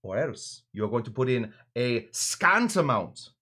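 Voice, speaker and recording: A man's voice: mid-range voice, sing-song, measured pace, sharp tone, husky, heavily acted. A man voicing a fussy, effeminate male German bartender in a put-on German accent, explaining a recipe. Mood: flamboyant instructing.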